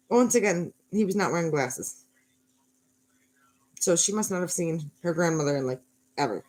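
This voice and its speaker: Wry mom with a low voice. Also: female voice, normal speed, pauses often, darkish tone. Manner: wry, rambling asides. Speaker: mother telling a bedtime story. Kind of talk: sarcastic storytelling.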